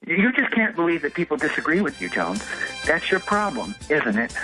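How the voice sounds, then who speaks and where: A man's voice: on the high side, very animated, normal speed, over music, rough recording. A man calling in to a radio show, arguing defiantly and confrontationally with the host. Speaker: caller. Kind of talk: call-in argument.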